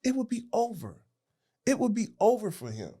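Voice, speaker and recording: A man talking as a podcast guest in casual political chat, animated and laughing, with a knack for mimicking voices. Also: sits high, normal speed, husky.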